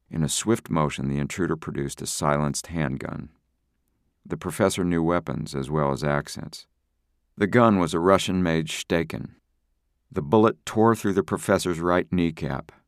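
A man narrating an audiobook thriller in a measured, steady storytelling manner. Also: rumbling low, creaky, no room sound, studio quality. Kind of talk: scripted narration.

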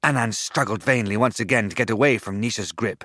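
A man narrating a story in an expressive audiobook style. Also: on the low side, a little fast, no echo, studio quality.

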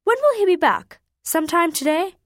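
A woman's voice: extremely high pitch, animated, brisk, no room sound, studio quality, pitched above the performer's own voice. A woman voicing a harried man on the phone in a storybook reading. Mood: anxious. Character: man on the phone, flustered office director.

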